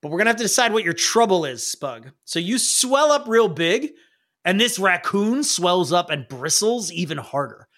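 A man narrating as game master of a tabletop game, playful and quick to laugh. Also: high voice, very animated, a bit bright.

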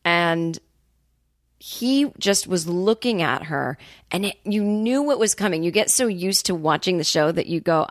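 A woman's voice: on the low side, lively intonation, unhurried, dry recording, studio quality. A woman hosting a podcast, ranting in a casual monologue, swearing freely and acting out quotes. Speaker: podcast host.

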